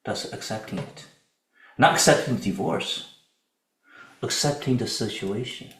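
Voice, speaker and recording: A man giving a Buddhist dharma lecture in a calm, conversational way, often checking in with his listeners. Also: medium pitch, measured pace, vocal fry, reverberant, low-quality recording. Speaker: Buddhist teacher.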